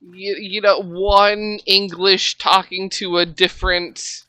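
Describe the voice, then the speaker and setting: A game master narrates a tabletop horror game, chatting along with plenty of fillers. The voice is bright and smooth. The delivery is unhurried. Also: mid-range voice, little pitch movement, no room sound.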